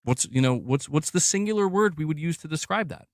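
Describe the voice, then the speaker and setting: A man's voice: a little high, animated, brisk, dry recording, studio quality. Exasperated man ranting on gaming podcast. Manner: ranting, exasperated, repeats himself. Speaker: podcast co-host. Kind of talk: casual gaming podcast rant.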